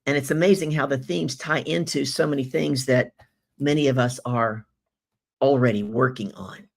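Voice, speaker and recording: A woman hosting a live business-coaching show, greeting viewers and reading their comments in an animated, effusive way with rhetorical questions. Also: very deep voice, normal speed, vocal fry.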